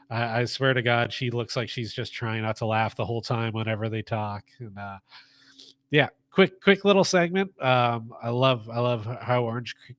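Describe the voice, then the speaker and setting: A man with a mid-range voice talks eagerly about wrestling on a podcast. He stumbles over his words now and then as he rushes to get his thoughts out. The recording is dry and close. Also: medium pitch, a bit bright, no echo. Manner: enthusiastic, chatty, trips over words. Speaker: wrestling show reviewer. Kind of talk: casual podcast chat.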